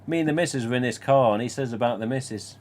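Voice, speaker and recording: A man chats on his own live stream, mid-pitched and easygoing. He rambles through stories and answers comments, with a bit of mild swearing thrown in. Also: fast, darkish tone. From England. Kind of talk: casual live stream chat.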